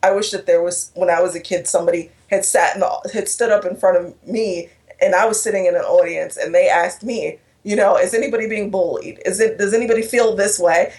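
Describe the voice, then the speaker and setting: A woman's voice: mid-range voice, darkish tone. A woman telling an emotional personal story in an interview, earnest, with restarts and quoted dialogue. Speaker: guest speaker.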